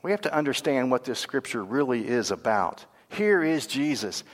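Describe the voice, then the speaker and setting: A man's voice: medium pitch, moderate pace. Man preaching in a reverberant hall. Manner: lively, swings from animated questions to hushed gravity; self-correcting, laughs at own stumbles. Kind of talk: sermon.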